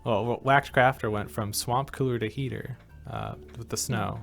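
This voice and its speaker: A man's voice: medium pitch, steady tone, moderate pace, gravelly, a bit bright. A man hosts a live stream in easy, playful conversation, reading out viewer comments as he goes. Faint music plays in the background. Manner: playful, reads chat comments aloud. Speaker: stream host reading chat. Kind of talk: casual stream chat.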